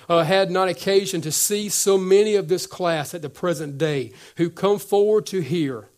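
A male pastor preaching a sermon, acting out little conversations and dropping to a near whisper at times. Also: a little high. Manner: animated, acts out dialogue, drops to whispers.

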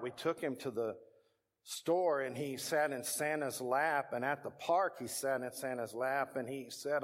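Preaching a sermon, this middle-aged Texan pastor narrates a story and performs the voices of the people in it. He speaks at a moderate pace with a medium-pitched voice.

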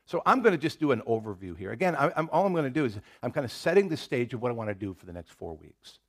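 A man with a Southern American accent preaching to his congregation in a relaxed, chatty way. He laughs easily, restarts his sentences and slips into quick acted-out quotes of people. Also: medium pitch, slightly rough. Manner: conversational, laughs often, restarts and acts out quotes. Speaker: pastor. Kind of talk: sermon.

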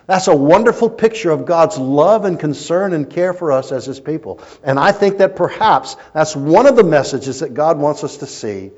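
A man preaching a sermon as a pastor, telling stories and swinging between loud emphasis and quiet asides. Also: a little high, expressive, normal speed, hardly any pauses. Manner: storytelling preacher, rising and falling in intensity. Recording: muffled lo-fi recording.

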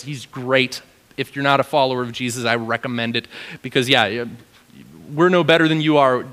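A man preaching a casual sermon, filling his talk with "like" and acting out the people he quotes. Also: medium pitch. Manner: animated, acts out quoted voices, lots of "like". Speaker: pastor.

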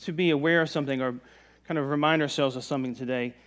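Relaxed, conversational pastor, slightly high voice. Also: male voice, fast. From Virginia mountains, USA. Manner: relaxed, conversational, joking with the congregation. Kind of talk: sermon. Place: church service.

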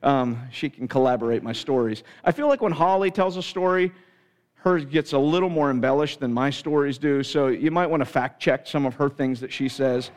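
A middle-aged man from Pennsylvania, a pastor delivering a sermon through an animated, self-mocking story. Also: mid-range voice, normal speed, long reverb tail.

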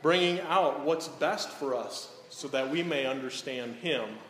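A man preaching a sermon in a church hall, asking rhetorical questions and dropping to a hush on solemn lines. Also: medium pitch, measured pace, slight background noise. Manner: rhetorical, often tags lines with "right?". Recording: echoey hall, faint ambience.

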